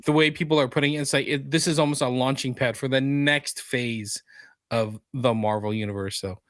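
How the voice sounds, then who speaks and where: Man, podcast co-host, mid pitch, dry close sound, easygoing chat. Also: fairly even intonation, fairly quick, dry recording. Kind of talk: casual chat.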